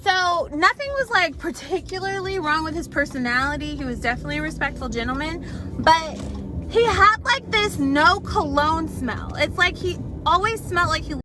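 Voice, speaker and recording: A woman's voice: extremely high pitch, expressive, normal speed. A young woman telling a casual, profane storytime to her viewers from her car, talking in a chatty way and calling them y'all. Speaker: vlogger. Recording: noisy car recording.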